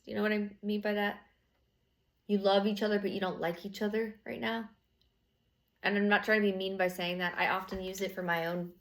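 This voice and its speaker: Gravelly-voiced woman giving a blunt tarot reading. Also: on the low side. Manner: rambling, blunt and profane, with frequent fillers; laughs while talking. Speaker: tarot reader. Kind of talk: casual tarot reading to camera.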